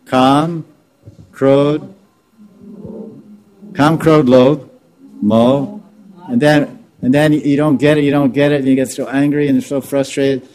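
A man's voice: mid-range voice, steady tone, slow pace, long pauses, a little mellow. A man teaching scripture informally, repeating and restarting words as he explains terms. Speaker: spiritual teacher.

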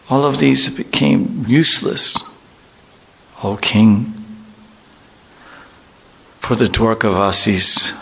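A man reading as a grieving warrior prince in a devotional story, a man's lowish voice speaking his lament in an earnest, mournful way. The lines rise in sorrow over his lost friend. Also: fairly bright tone.

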